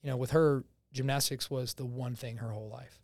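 A man's voice: mid-range voice, steady tone, fairly quick, gravelly, darkish tone, dry recording. Confident, laughing young man guest. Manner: laughs often, confident storytelling. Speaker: podcast guest. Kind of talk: casual chat. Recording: dry close studio sound.

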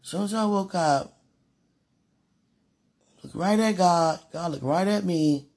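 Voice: medium pitch, slow pace, a little mellow. A speaker in a fervent devotional monologue, sighing and laughing often and repeating words.

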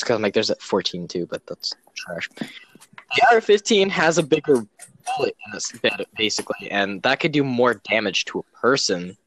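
Young dude rambling in a chill chat, dry close mic. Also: male voice, lowish voice, dry recording. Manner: rambling, easily sidetracked, excitable. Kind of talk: casual chat.

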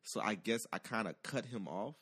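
A man telling a profane, excitable story and acting out the voices with loud outbursts. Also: on the low side, normal speed, slightly rough. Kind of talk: animated storytelling.

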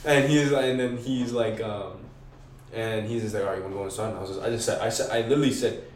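A young man with a lowish voice tells a rambling, profane story in thick slang, voicing what he and others said. He sits some way from the mic in an echoey room, with a faint hiss underneath. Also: fairly even intonation, quick pace. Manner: slangy, profane, acts out his own quotes. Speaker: podcast guest. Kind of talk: casual storytelling. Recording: roomy, distant mic, faint noise.

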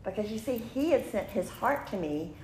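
This woman in her fifties hosts a podcast and shares a personal story animatedly, frequently laughing and performing other people's lines. Her pitch is a little high and her pace moderate, recorded in a roomy space with faint noise.

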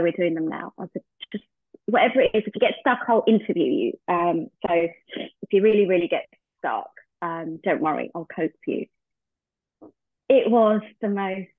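A podcast guest shares a heartfelt personal story, slipping into the remembered dialogue as she goes. Her voice sits a little low for a woman. The sound is dry and thin, like a phone line. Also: dry recording.

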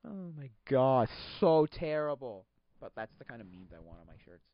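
A man hosting a podcast, chatting casually in a rambling, excitable way, laughing often and acting out quotes. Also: mid-range voice, moderate pace. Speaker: podcast host. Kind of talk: casual solo chat. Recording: dull lo-fi sound.

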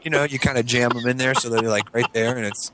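A man's voice: mid-range voice, fairly even intonation, fast, noisy background. A man casually reminiscing to friends about an old car, rambling and swearing. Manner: nostalgic, rambling, profane. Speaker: podcast co-host. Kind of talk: casual storytelling among friends.

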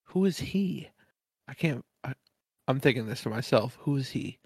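A man playing a tabletop game, chatting and asking quick questions. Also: medium pitch, expressive, gravelly, husky, dry recording, clean studio sound. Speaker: player. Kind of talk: casual tabletop play.

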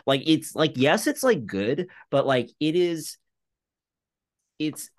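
Rambling male podcast co-host, lively pitch. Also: takes it slowly. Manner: rambling, filler-heavy, self-interrupting. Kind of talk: casual chat.

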